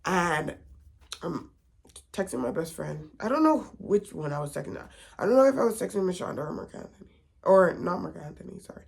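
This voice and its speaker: A woman's voice: lowish voice, vocal fry, breathy edge. A young woman telling her own story in a candid, confiding vlog testimony. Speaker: vlogger.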